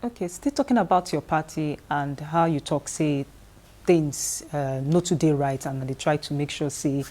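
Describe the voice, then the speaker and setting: Low-voiced Nigerian woman interviewer. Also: normal speed, dark tone. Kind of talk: interview questions.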